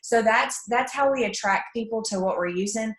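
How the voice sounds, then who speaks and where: A woman's voice: a little high, moderate pace. A chatty woman from Alabama with a Southern accent, giving a casual, upbeat training talk with plenty of fillers. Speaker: network marketing presenter. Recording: echoey room.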